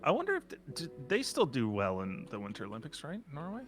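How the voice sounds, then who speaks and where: A man's voice: on the high side, fast, soft background music. A man co-hosting a podcast, chatting casually and joking while sharing trivia. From Canada. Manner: chatty, jokey, lively. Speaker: podcast co-host.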